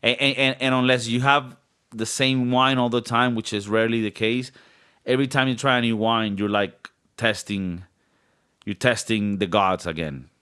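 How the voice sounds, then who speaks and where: A man's voice: medium pitch, steady tone, normal speed, pushed and bright, clean tone. A young man co-hosting a podcast, rambling and joking in casual banter, swearing often. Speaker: podcast co-host.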